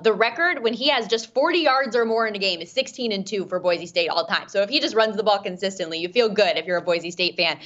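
Woman co-host, medium pitch, brisk and detailed football breakdown, slightly dull studio sound. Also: fairly bright tone. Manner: quick, detailed, conversational. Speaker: sports betting show co-host. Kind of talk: sports analysis chat.

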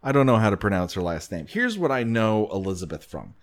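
A man's voice: fairly low pitch, quick pace. Guy hosting a podcast, voice swings all over, laughs a lot, joking around. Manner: joking, animated, frequent laughs. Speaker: podcast host. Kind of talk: casual comedic chat.

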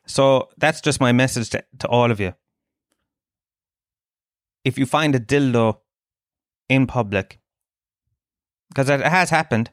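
A man's voice: mid-range voice, steady tone, a little slow, pauses often, clean tone, no room sound, clean studio sound. A young Irish man, a stand-up comedian, hosting his podcast in a crude, swearing, joking monologue.

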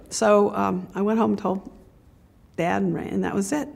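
Older american woman, gravelly and husky, lively motivational storyteller. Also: mid-range voice, a little fast. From United States. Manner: animated storytelling, acting out voices of family. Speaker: former tennis champion telling her story.

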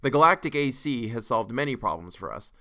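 A brisk, blunt young man, read by a man. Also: mid-range voice, very animated, pushed and bright. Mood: firm.

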